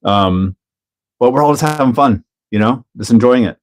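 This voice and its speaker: A man's voice: mid-range voice, normal speed. A middle-aged man with a Canadian accent hosting a casual livestream, joking, laughing often and chatting while he builds a kit. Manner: laid-back, jokey, laughs often, reads chat aloud. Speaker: livestream host.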